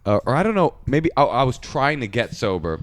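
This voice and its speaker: A man's voice: mid-range voice, very animated, fairly quick, dry recording. A man co-hosting a podcast, telling a rambling comic story in casual chat and laughing through it. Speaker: podcast co-host.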